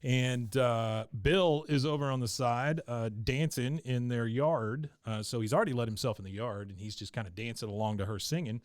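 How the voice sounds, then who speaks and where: A man's voice: mid-range voice, moderate pace, hardly any pauses, no echo, clean studio sound. Rambling man recapping a cartoon episode. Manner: rambling, many filler sounds, chuckles often. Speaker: podcast host.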